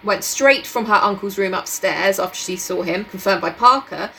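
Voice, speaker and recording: A woman's voice: mid-range voice, moderate pace, creaky, sharp tone, slight background noise, low-quality recording. A woman co-hosting a podcast, casually recapping a mystery novel and laughing often. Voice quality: laughs often, loose and giggly. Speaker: podcast co-host.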